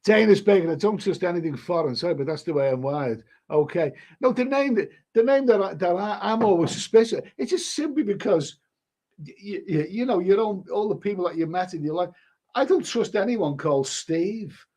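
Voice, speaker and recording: A man's voice: sits high, moderate pace, dark tone. A middle-aged man hosting a live stream in casual chat, rambling and often restarting his sentences as he reads viewer comments. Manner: rambling, repeats words, frequent restarts.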